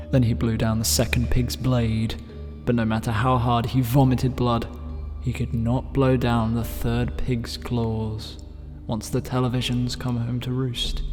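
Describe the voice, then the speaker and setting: Man, mock-spooky comedic reading, middle pitch, long echoing reverb, faint music behind. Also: darkish tone. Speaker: gaming YouTuber.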